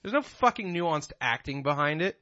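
A man's voice: on the high side, lively intonation, normal speed, pushed and bright, dry recording, muffled recording. A man co-hosting a podcast, talking bluntly and profanely in a crude casual chat. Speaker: podcast co-host.

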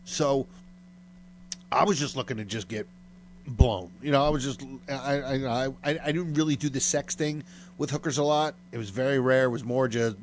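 A man's voice: mid-range voice, moderate pace, a little hiss or hum. A man telling a long, crude story in casual chat, full of fillers and swearing. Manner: rambling and profane, heavy on fillers.

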